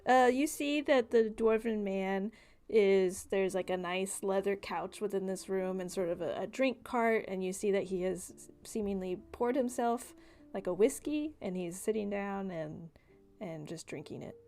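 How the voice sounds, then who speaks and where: A woman's voice: medium pitch, moderate pace, darkish tone. Casual woman narrating as game master. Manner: casual, filler-heavy narration.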